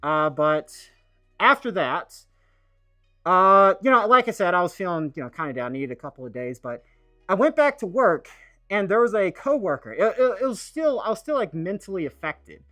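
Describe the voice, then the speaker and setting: A man streaming a casual monologue, rambling and halting, full of fillers and restarts. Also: sits high, very animated, sharp tone, no room sound, faint music behind.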